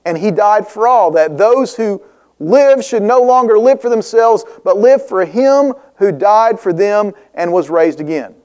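High-voiced male pastor preaching. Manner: preaching with rising emphasis and rhetorical questions; drops to soft, slow reflection in personal parts. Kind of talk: sermon.

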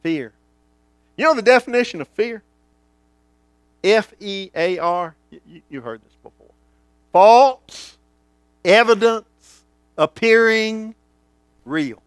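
A man preaching from the pulpit, his voice sitting high and leaping all over the place. He drops to a near hush and then climbs back to a booming call, and he plays out the people in his stories. The sound is close and dry, with no room around it. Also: very animated, unhurried, pauses often, no echo. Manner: dramatic swings from booming to hushed, acts out quoted voices. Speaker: pastor. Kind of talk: sermon.

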